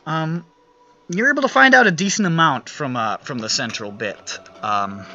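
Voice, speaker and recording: Bright-voiced man running a tabletop game. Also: a little high, moderate pace, muffled recording, slight background noise. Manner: relaxed, rambling, many fillers. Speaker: game master.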